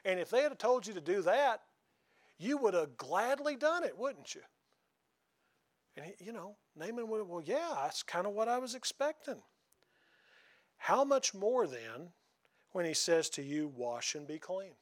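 A man's voice: sits high, lively intonation, a little slow. A man preaching a sermon in a folksy, conversational way, often asking the congregation questions.

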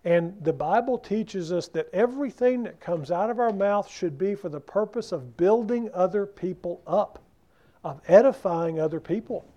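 A man's voice: high voice, expressive, moderate pace, dark tone. A male pastor preaching a sermon, talking conversationally and asking the congregation questions. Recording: dull lo-fi sound.

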